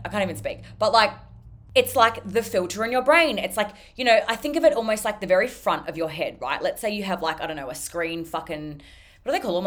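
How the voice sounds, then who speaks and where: Blunt, swearing young woman. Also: medium pitch. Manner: blunt, swears constantly, heavy filler "like"; animated, jumps between loud and soft. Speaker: podcast host. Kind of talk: casual solo podcast monologue.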